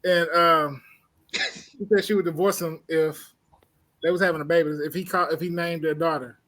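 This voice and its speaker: A man's voice: fairly high pitch, steady tone, moderate pace, fairly bright tone, low-quality recording. A man co-hosting a casual talk show, telling jokes and stories with frequent laughs. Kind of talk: casual comedic chat.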